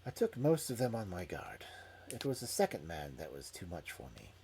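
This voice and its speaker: A man voicing an injured, scheming male detective who mutters weakly and quietly. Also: deep voice, wildly swooping pitch, normal speed, slight background noise, pitched below the performer's own voice, exaggerated voice. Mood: weak, wry. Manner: weak hushed mutter. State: weak.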